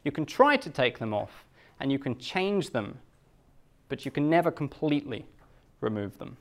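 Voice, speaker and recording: A British man explaining culture to language learners, stretching key words slowly and deliberately. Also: medium pitch, sing-song.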